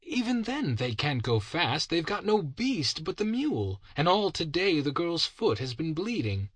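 A man's voice: on the high side, big pitch swings, a little slow, breathy edge, no room sound, pitched above the performer's own voice, exaggerated voice. A man voicing a timid, anxious little man in a read-aloud story, lifting his voice nervously.

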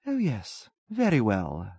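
A man reading a story voices a gentle, soft-spoken woman who answers hesitantly. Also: medium pitch, wildly swooping pitch, slow pace, breathy edge, dry recording, full character voice.

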